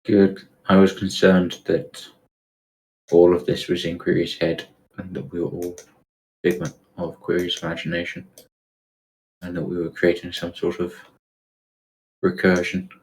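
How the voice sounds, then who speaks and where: Deep, gravelly tabletop player. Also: male voice, completely flat delivery, a little slow, pauses often, darkish tone, rough recording. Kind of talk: playing a tabletop game.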